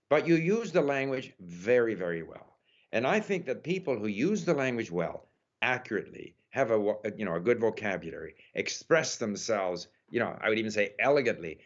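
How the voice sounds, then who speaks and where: A man giving thoughtful, conversational answers as an interview guest, pausing often with "uh" and "you know.". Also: fairly low pitch. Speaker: interview guest, language learner. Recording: dull lo-fi audio.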